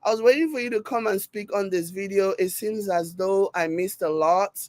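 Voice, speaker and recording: A woman's voice: mid-range voice, moderate pace, darkish tone, no room sound. A woman with a Nigerian accent hosting a casual live stream, reading viewer comments aloud and laughing often. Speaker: commentary host reacting to a video and reading live chat.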